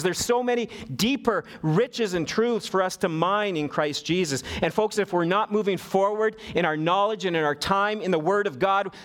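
A man's voice: high-pitched, moderate pace, hardly any pauses, fairly bright tone. A middle-aged man preaching a sermon as pastor, earnest and given to repeating words as he stresses a point.

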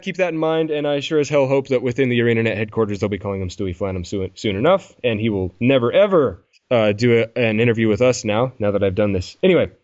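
A male podcast host rambles through casual gaming chat, poking fun at himself and laughing along the way. His voice sits at an ordinary pitch, and the recording sounds dull and lo-fi. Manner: rambling, self-deprecating, laughs often.

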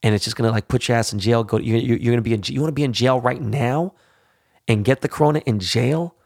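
A man's voice: mid-range voice, quick pace, creaky, darkish tone, dry recording, clean studio sound. A man hosting a podcast, ranting bluntly and swearing heavily, punctuating points with "all right?" and "you know?". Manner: frequent tag questions like "all right?". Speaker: podcast host. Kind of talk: profane monologue.

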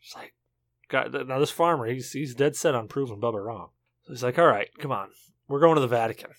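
A man's voice: mid-range voice, a little fast, no echo, studio quality. Tipsy man rambling on a podcast. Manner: rambling, self-interrupting, tipsy storytelling. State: drunk. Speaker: podcast co-host. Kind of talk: casual chat, telling a joke.

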